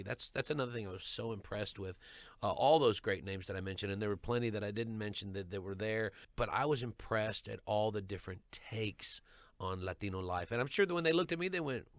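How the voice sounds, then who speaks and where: A middle-aged man, a stand-up comedian, telling stories in an animated way and often repeating words as he restarts. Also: on the low side, no echo. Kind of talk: storytelling chat.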